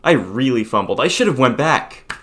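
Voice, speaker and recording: A man's voice: medium pitch, sing-song, normal speed, a bit bright. A man in his twenties rambling hesitantly and self-deprecatingly in a casual confessional vlog. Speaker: vlogger.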